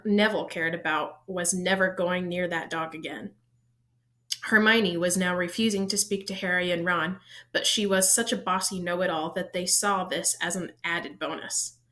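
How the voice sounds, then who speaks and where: A woman reading a children's novel aloud, steady storytelling with the odd slip and self-correction. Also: fairly low pitch. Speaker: audiobook reader.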